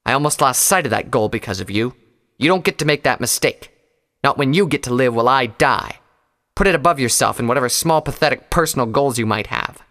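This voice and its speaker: A man's voice: medium pitch, moderate pace, fairly bright tone, close to an everyday voice. A man voicing a condemned female unicorn warrior who speaks coldly and derisively. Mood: scornful. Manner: cold, derisive, growling. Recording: long hall reverb.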